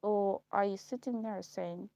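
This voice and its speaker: A woman speaking a halting, repetitive personal monologue on a live stream, slow and heavy in delivery. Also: mid-range voice, steady tone, creaky, dark tone, no room sound. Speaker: livestream host.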